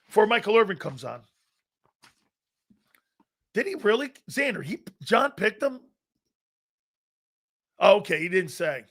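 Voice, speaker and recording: A man's voice: high-pitched, sing-song, unhurried, pauses often, a bit bright. A middle-aged man hosting a live sports talk show, brash and profane, rambling through chat comments and laughing often.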